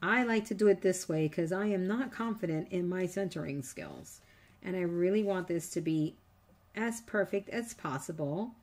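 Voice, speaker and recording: A woman teaching a live online scrapbooking class in a chatty, encouraging way, teasing her viewers as she walks through each step. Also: mid-range voice. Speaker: scrapbooking instructor.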